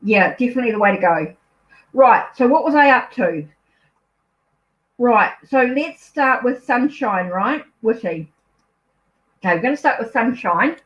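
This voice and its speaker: Woman, New Zealand accent, slightly high voice, rambling live-stream chat, distracted, muffled lo-fi audio. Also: expressive, a little slow, long pauses. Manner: chatty, easily distracted, apologetic, thinks aloud. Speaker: tarot reader hosting a live stream. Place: at home.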